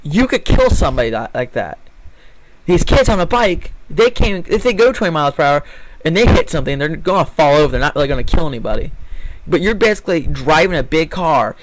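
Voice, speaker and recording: A fairly high-voiced man goes off in an angry, swear-heavy rant. He talks in bursts, restarting and correcting himself mid-sentence. The tone is indignant and emphatic. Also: very animated, brisk, background noise. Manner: rambling with restarts and self-corrections. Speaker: vlogger. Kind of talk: reading a news story and ranting about it.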